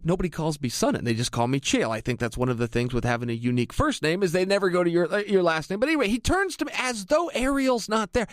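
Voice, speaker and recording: Middle-aged guy spinning an energetic story, high voice bouncing all over. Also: no room sound, studio quality. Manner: energetic, addresses listeners directly. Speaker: MMA analyst. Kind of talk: animated anecdotal storytelling.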